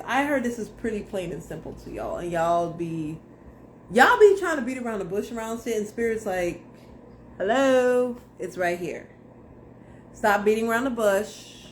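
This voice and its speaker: Young woman doing a tarot reading, blunt n slangy, swears a lot, mid pitch, faint hiss behind. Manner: blunt, slangy and profane, talking straight to viewers. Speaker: tarot reader. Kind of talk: casual tarot reading to camera.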